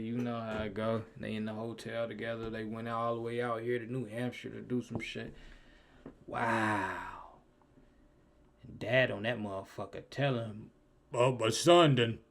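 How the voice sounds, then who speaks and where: A young man giving casual, slangy reaction commentary, his voice swinging between loud outbursts and low mutters. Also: gravelly, a little hiss or hum. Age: young adult. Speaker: reaction streamer.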